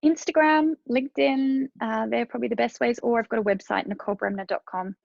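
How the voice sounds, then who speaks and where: Gravelly-voiced woman giving earnest advice. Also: a little high, fairly even intonation, fairly quick, a little mellow, dry recording, muffled recording. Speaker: podcast guest. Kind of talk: casual interview.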